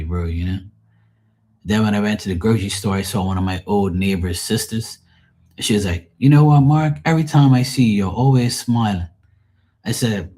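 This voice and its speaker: A man with a low, husky voice hosts a livestream, casually telling everyday stories in a rambling, profane way. He gets animated whenever he quotes other people.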